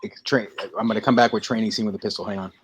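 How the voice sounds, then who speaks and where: A man co-hosting a casual podcast, telling stories with lively energy and acting out lines in quick bursts. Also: on the low side, slight background noise. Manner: animated storytelling, acting out movie lines. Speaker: podcast co-host. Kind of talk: casual chat.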